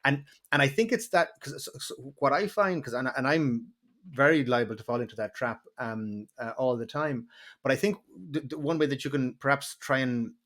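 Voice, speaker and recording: Host, male, mid-pitched, circling his point with many restarts. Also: normal speed, a bit bright. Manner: rambling, repeats words while searching for phrasing. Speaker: podcast host. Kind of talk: conversational interview.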